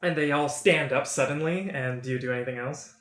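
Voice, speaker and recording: Easygoing game master with a roomy echo. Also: male voice, a little high. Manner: relaxed, easygoing narration with quick asides. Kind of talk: narrating a tabletop game.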